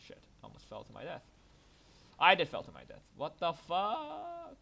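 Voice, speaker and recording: A young man co-hosting a podcast while gaming, chatting casually, rambling and swearing, with many restarts and loud bursts when ranting. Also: medium pitch, very animated, a little fast, vocal fry, husky. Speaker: podcast co-host.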